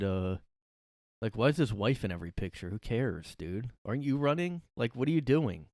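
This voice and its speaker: A man's voice: on the low side, animated, fairly quick, a little mellow, no room sound, studio quality. A man hosting a solo comedy podcast from his room, ranting in a rambling, profane, sarcastic way. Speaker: podcast host.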